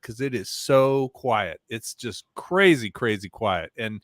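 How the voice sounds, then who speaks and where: A man guesting on a livestream, telling stories in a relaxed, conversational way. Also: mid-range voice, normal speed, hardly any pauses, dry recording, clean studio sound. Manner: relaxed storyteller, easygoing and conversational. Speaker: guest drone pilot. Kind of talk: casual interview chat.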